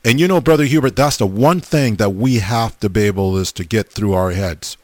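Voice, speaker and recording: A middle-aged man casually chatting as a host, reading viewer comments in a folksy, animated way, often repeating himself. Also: on the low side, a little fast, no echo. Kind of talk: casual chat.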